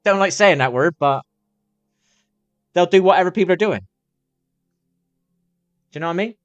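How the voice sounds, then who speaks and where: A man talks casually to his live-stream viewers, wandering from thought to thought and dropping swear words. His voice sits a little high. The sound is dry and close, with faint music underneath. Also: expressive, moderate pace, no room sound, lo-fi sound. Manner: rambling, swears often, repeats himself while reading chat.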